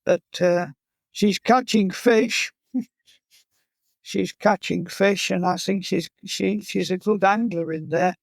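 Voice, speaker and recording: Fly casting guy, high-ish voice, bit of fry, joking anecdotes, dry sound. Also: fairly even intonation, slow, no echo. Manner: humorous, anecdotal storyteller. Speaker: fly casting instructor and guide. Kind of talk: casual interview chat.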